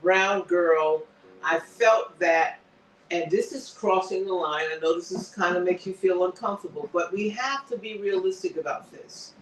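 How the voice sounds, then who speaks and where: A man with a notably high voice hosts a casual recap of a TV episode, talking in an animated way. He acts out bits of dialogue as he retells the scenes. He is recorded in an echoey room, some way back from the mic. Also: distant mic, slight background noise. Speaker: show host.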